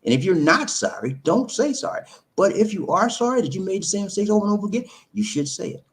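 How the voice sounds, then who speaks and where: A man hosting a live stream, his speech swinging widely up and down as he preaches casual relationship advice. He repeats his points for emphasis and keeps turning to greet and answer his viewers. His voice sits a little high for a man. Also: quick pace. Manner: animated and repetitive, preachy, addresses viewers directly. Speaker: live show host reading viewer comments. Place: living in the Philippines.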